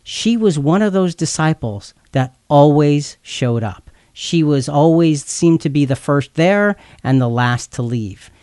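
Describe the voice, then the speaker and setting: Guy explaining bible verses, kinda high voice, earnest, trips over words sometimes, dry sound. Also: lively intonation, a little slow, hardly any pauses, a little mellow, no echo. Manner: earnest, stumbles and repeats words while explaining. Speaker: Bible teacher. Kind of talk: explanatory scripture talk.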